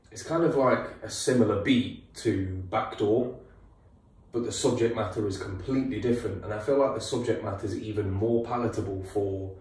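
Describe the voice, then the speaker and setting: A man hosting a casual music reaction video, animated and enthusiastic. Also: medium pitch, heavy reverb, recorded from a distance. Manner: animated, laughing, enthusiastic, swears.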